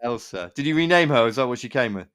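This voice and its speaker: A man's voice: mid-range voice, animated, quick pace, fairly bright tone, clear, resonant tone, no echo, studio quality. Chatty man hosting a podcast. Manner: chatty, swearing, laughs while telling stories. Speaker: podcast host. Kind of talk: casual chat.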